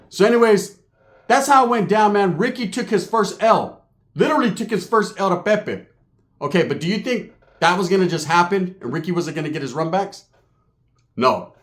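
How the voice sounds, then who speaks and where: Profane, animated male storyteller. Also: high-pitched, fairly quick. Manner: animated, profane, acts out voices. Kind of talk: comedic storytelling.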